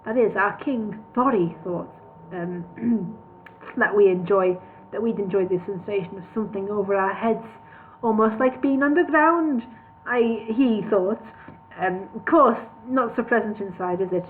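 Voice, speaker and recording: A woman's voice: medium pitch, a little slow, a little hiss or hum, lightly acted. A woman voicing a gloomy, hesitant male dwarf guide who talks warily and stumbles over his words. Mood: wary. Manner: hesitant, wary, with stammered restarts. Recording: tinny phone-like sound.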